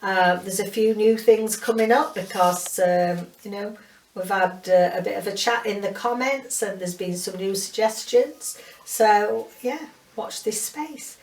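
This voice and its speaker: A woman's voice: medium pitch, a little slow, darkish tone. Chatty woman, roomy sound. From North Yorkshire, England. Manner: chatty, rambling, laughs often. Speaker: book channel host. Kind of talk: casual chat. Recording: roomy sound, mic at a distance.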